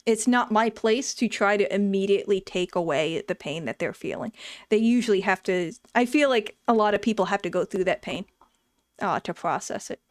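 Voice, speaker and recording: A streamer with a medium-pitched voice reads chat and talks casually about her former vet clinic job, telling frank, profane stories with lots of animation. She speaks at normal speed, and the clean studio sound has no echo.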